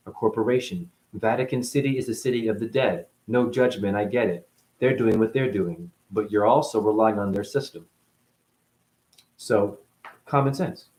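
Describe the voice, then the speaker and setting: A man's voice: medium pitch, darkish tone, reverberant. A man hosting a spiritual talk show, rambling through a monologue full of rhetorical questions and playful asides.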